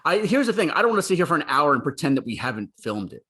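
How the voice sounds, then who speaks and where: A man's voice: on the high side, very animated, racing, bright, forceful tone, slightly rough. A man appearing as a guest on a horror podcast, wry and blunt and joking with casual swearing. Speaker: magazine editor and guest. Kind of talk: casual interview chat.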